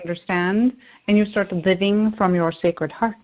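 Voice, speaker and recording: A woman channeler giving spiritual guidance and pausing to search for words. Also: medium pitch, steady tone, highs cut off. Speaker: channeler, guest.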